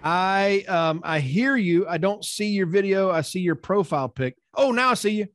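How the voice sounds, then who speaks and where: Guy running a sales call, upbeat, voice a bit high, dry sound. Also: expressive, normal speed, dry recording. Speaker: host of sales meeting. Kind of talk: meeting hosting on video call. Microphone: video call.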